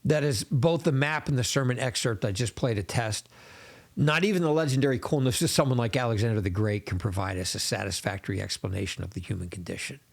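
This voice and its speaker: A male podcast host speaks in a measured, earnest monologue with a literary turn of phrase. His voice is gravelly with plenty of fry, and it sits at a middle pitch.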